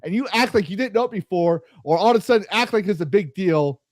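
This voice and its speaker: In a fast, animated, high-pitched voice, a gaming podcast host and streamer rants angrily, cursing and looping back with repeated restarts. The recording is dry.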